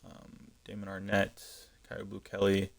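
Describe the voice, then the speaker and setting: Gravelly man thinking aloud on stream. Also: on the low side, monotone, unhurried. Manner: thinking aloud, frequent ums and self-corrections. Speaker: gaming streamer. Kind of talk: casual live-stream commentary.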